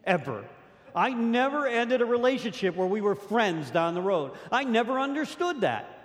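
A man's voice: sits high, sing-song, moderate pace. Man telling his story in a reverberant hall. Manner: rambling, repeats words, acts out quotes. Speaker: speaker at a recovery meeting. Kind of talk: personal story talk.

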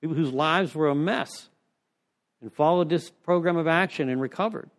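A man's voice: on the high side, normal speed. A man leading a recovery step study, telling rambling conversational stories to a group in a meeting room. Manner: rambling, conversational storytelling with frequent "you know". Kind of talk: informal recovery talk to a group.

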